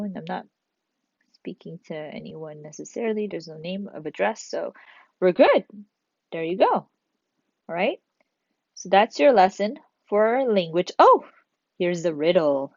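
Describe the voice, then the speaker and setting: A woman's voice: fairly low pitch, sing-song, moderate pace, gravelly, pauses often, a little mellow, no room sound, dull audio. A woman teaching a recorded grammar lesson to third graders, chatty, asking and answering her own questions.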